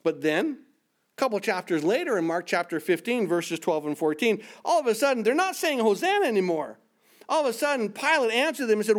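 A male pastor preaching with a high, bright voice. He reads scripture passages aloud and lifts his voice to stress a point. He often stumbles and repeats words while searching for the next thought. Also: brisk. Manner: animated preaching, reading scripture aloud, rising for emphasis. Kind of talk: sermon.

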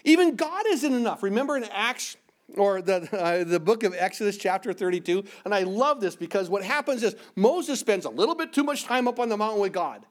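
High-voiced animated male preacher. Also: fairly quick. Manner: animated preaching, reading scripture aloud, rising for emphasis; stumbles and repeats words when searching. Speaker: pastor. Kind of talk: sermon.

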